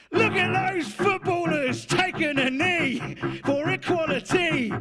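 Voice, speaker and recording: A man voicing an angry, self-pitying reactionary man in a satirical comedy song, ranting and half singing over loud live music. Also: very high-pitched, pitched above the performer's own voice, heavily acted. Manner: shouting indignant rant, half sung.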